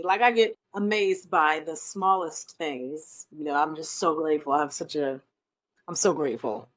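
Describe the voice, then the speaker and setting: Woman from nebraska, bit low voice, chatty and excited, lots of ums, interview guest. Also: normal speed. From Omaha, Nebraska, US. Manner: chatty storyteller, enthusiastic, frequent ums. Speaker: guest, Broadway performer. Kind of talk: casual interview chat.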